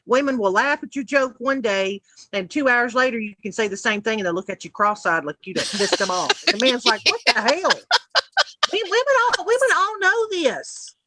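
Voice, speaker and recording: A woman's voice: on the high side, animated, a little fast, pushed and bright. A woman co-hosting a casual livestream roundtable, blunt and profane, ranting and joking. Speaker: livestream co-host.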